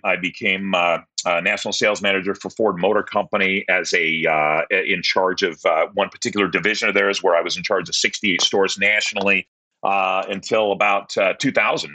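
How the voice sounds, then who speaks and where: A man in his sixties from the Pacific Northwest spins a long story as a podcast guest. He has a low, husky voice with a sharp, forceful edge, and he acts out the quoted dialogue with real animation. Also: rough recording. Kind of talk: casual storytelling interview.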